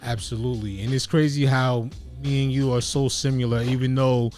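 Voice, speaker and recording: A man's voice: mid-range voice, steady tone, normal speed, a little mellow, faint music behind. A man hosting a casual interview show who talks in an earnest, reflective way and keeps leaning on "you know". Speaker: host.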